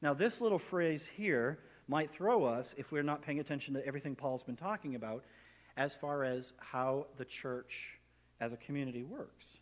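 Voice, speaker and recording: A man's voice: medium pitch, normal speed. Preaching man in a reverberant hall. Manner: animated preaching, acting out imagined inner voices. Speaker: pastor. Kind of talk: sermon.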